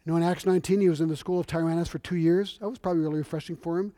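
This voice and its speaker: A middle-aged man preaches with a notably high voice, animated and conversational as he tells stories. The sound is dry and close. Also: very fast, no echo. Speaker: visiting missionary preacher. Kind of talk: sermon. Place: church.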